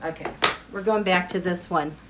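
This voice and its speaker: A woman giving a live-streamed tarot reading in an animated, exasperated way, speaking straight at the people she reads about. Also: on the low side, moderate pace, heavy background noise. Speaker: tarot reader.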